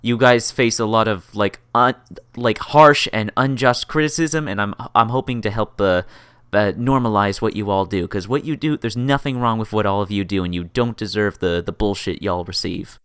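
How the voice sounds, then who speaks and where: A woman's voice: a bass voice, moderate pace, clean tone, dry recording, studio quality. A woman interviewer chatting casually with her guest, affectionate and teasing, often calling her "dear".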